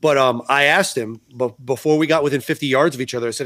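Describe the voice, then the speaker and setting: A man's voice: mid-range voice, fairly even intonation, fast talker, few pauses, fairly bright tone, no echo. Rambling New man, dry close mic. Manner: rambling, frequent restarts, swears freely. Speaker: podcast co-host. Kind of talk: casual podcast chat.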